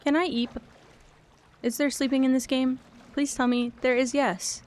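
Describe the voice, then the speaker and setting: A woman's voice: high voice, little pitch movement, normal speed, a little mellow. A young woman streaming a game, chatting to her viewers in a nervous, giggly way and swinging between whimpering fear and casual commentary.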